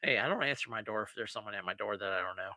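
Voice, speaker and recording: A man's voice: lowish voice, rapid-fire, bright, forceful tone, no echo. A man co-hosting a casual podcast, chiming in with jokes and profane asides. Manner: jokey interjections, laughs along, profane. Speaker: podcast co-host. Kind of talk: casual chat.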